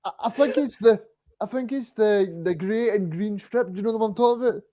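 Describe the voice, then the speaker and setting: Young scottish guy in his 20s, mellow voice, dry close sound, kinda hesitant. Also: sits high, brisk, no room sound. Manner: hesitant, stumbles over answers. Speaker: guest supporter. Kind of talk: casual quiz chat.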